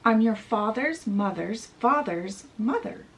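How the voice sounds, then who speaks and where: Kindly ancient fairy great-grandmother, put on by a woman reading a storybook aloud, soft and sweet, lilting. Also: on the high side, animated, slow, distant mic, slight background noise. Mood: tender.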